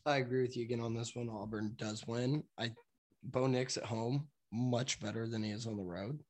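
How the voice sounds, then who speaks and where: A man's voice: medium pitch, steady tone, moderate pace, a little mellow. A man co-hosting a casual sports podcast, giving opinionated takes on games and stats in a loose, chatty way. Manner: chatty, opinionated, loses his train of thought. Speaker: podcast co-host. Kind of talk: casual sports betting chat.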